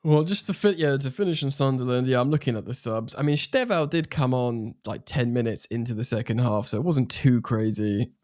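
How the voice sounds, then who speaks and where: An animated man from England talks football on a podcast with casual energy and the odd swear. His voice sits mid-range and sounds close, with no room around it. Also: medium pitch, a little fast, hardly any pauses, no room sound. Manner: animated, swears freely, puts on playful accents. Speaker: podcast co-host.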